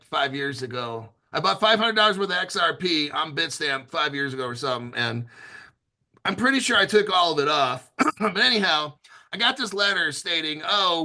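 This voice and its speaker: Bright-voiced male livestream host. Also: fairly high pitch. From United States. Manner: rambling, jokey, reads viewer questions aloud. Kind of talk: casual livestream chat.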